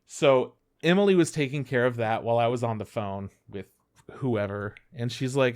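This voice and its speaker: A young man chatting casually as a podcast co-host. He tells stories with energy, swears freely and acts out what people said. His voice sits at an ordinary middle pitch. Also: fairly quick. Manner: animated storyteller, acts out quotes, swears freely. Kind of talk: casual chat.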